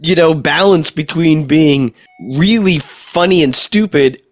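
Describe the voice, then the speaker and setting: High-voiced man in playful podcast chat. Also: measured pace, no echo. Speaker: podcast co-host. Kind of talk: casual comic book review chat.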